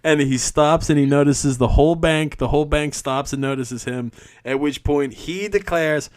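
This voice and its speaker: Excitable young man, profane movie chat. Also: fairly high pitch, normal speed, smooth. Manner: excitable, profane, laughs often, acts out movie lines. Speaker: podcast co-host.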